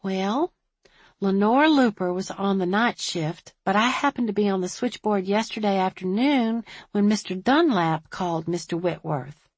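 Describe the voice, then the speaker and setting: A woman's voice: medium pitch, normal speed, no echo, natural voice. A woman voicing a chatty small-town switchboard operator who is eager and a bit defensive.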